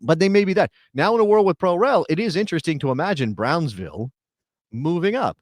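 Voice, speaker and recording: A middle-aged man co-hosting a soccer talk show, chatting casually and thinking out loud with rhetorical questions. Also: fairly high pitch, expressive, a little fast, no echo, clean studio sound. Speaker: soccer podcast co-host. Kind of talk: casual chat.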